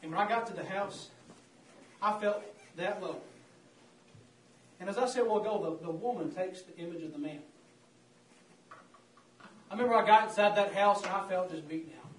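A man's voice: sits high, normal speed, pauses often, slight background noise. A man preaching a fervent, repetitive sermon, calling out to the congregation. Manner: fervent, repetitive, calls out "saints of God". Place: church. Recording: roomy church from a distance.

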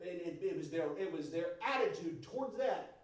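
A man preaching a sermon to a congregation, moving from quiet, steady talk to loud, fervent shouting. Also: high-pitched, normal speed, distant mic. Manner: builds from soft to shouting fervor. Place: church service. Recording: roomy church sound from off-mic. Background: congregation responses.

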